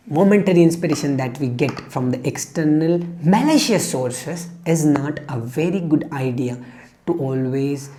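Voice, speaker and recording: A man's voice: on the high side, dark tone. A man giving an earnest, emphatic motivational talk, telling a fable to make his point. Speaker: motivational speaker.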